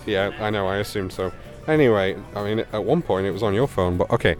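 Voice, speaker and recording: A man's voice: on the low side, quick pace, soft background music. A young man from Britain chatting casually outdoors, joking around and filling his talk with "like". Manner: chatty, joking, lots of 'like' fillers. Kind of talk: casual chat. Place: outdoors at a convention.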